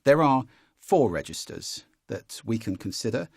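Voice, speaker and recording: A man's voice: unhurried, vocal fry, husky, no room sound, studio quality. A man teaching a spoken lesson as a voice coach, often shifting his voice to demonstrate. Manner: demonstrates pitch shifts, animated.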